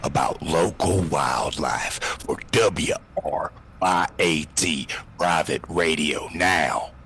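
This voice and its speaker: An actor playing a blunt, rude immigration officer who reads out paperwork. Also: male voice, extremely low pitch, takes it slowly, a bit bright, slight background noise, full character voice. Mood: officious.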